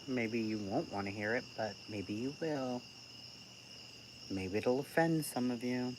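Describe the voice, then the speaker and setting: A woman's voice: a bass voice, measured pace, noisy background. A woman chatting casually on a live stream. She is blunt and profane, swears freely, and tells a sarcastic story about an argument.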